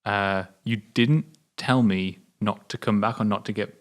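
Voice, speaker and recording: British man, lowish voice, thoughtful casual film talk, questioning, lots of "like". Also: steady tone, unhurried. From Britain. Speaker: film review show co-host.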